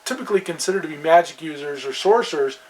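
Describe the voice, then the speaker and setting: A man with a slightly raised pitch chats casually, often chiming in with quick agreement. He adds his own points in a loose, conversational way. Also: darkish tone, rough recording. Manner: agreeable, with frequent short backchannels. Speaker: podcast co-host. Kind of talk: casual chat about fantasy games.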